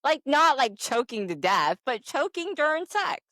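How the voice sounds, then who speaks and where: A woman's voice: sits high, very animated, moderate pace, sharp tone, no room sound. A woman in her forties co-hosting a podcast, talking candidly and animatedly, telling stories with frequent "I'm like" asides. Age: 40s. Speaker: podcast co-host. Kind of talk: candid casual chat.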